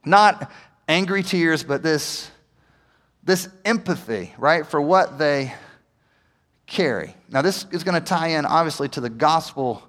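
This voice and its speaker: High-voiced pastor preaching in a reverberant church. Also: male voice, animated, a little slow. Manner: conversational preaching, many "right?" asides, swings from quiet to emphatic. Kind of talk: sermon. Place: church sanctuary. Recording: long hall reverb.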